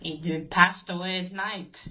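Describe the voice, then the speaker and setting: A woman's voice: on the low side, steady tone, unhurried, pushed and bright, highs cut off. A woman casually retelling a comic book story, hesitant, with many fillers and restarts.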